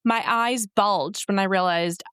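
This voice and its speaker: A blunt, playful woman co-hosting a book podcast, speaking at a mid pitch. She talks casually and waves things off quickly, and her voice sounds dry and close-miked. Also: fairly bright tone, smooth, dry recording. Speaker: podcast co-host reviewing romance novels. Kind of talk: casual chat.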